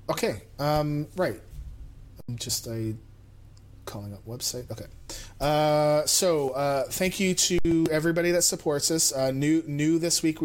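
A man hosting a podcast, talking in a loose, casual way. He rambles and often pokes fun at himself. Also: fairly high pitch. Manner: rambling and self-deprecating. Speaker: podcast host. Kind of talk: casual chat.

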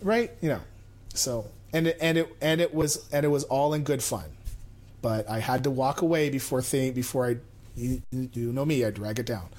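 A man's voice: medium pitch, moderate pace, darkish tone. A man hosting a podcast, talking in a loose, casual way. He rambles and often pokes fun at himself. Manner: rambling and self-deprecating. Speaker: podcast host. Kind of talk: casual chat.

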